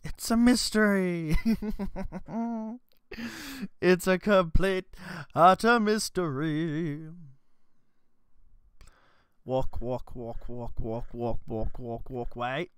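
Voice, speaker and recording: A man's voice: on the high side, extremely slow, pauses often, clean tone, no echo, studio quality. A man streaming a video game, commenting casually, swearing and joking at a desk microphone. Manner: swearing, joking, laughing to himself.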